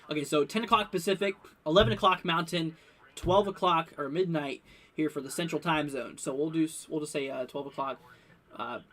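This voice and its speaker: A young man hosting a live weather stream, rambling with many fillers and bursts of excitement. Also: fairly high pitch. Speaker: livestream weather host. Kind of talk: casual live weather commentary.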